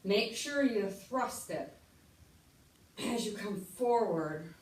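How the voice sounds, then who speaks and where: A middle-aged woman demonstrating an exercise, talking slowly, slightly out of breath as she moves. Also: medium pitch, expressive, recorded from a distance. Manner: slow, instructive, counting out moves. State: getting winded. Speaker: fitness instructor. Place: room while exercising. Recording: echoey room, away from the mic.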